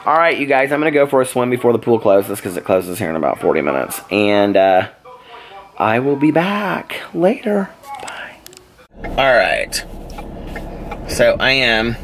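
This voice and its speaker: A man's voice: mid-range voice, animated, a little slow, long pauses, fairly bright tone. A man vlogging casually, chatty and laughing often as he talks to his pets. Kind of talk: casual daily vlog chat.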